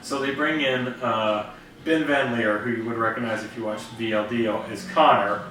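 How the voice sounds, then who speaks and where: A man's voice: medium pitch, fairly even intonation, sharp tone, a little hiss or hum. A man chatting casually as co-host of a review show, rambling through a plot recap in a basement room. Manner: rambling retelling with quick voice impressions. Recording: echoey room, mic far off.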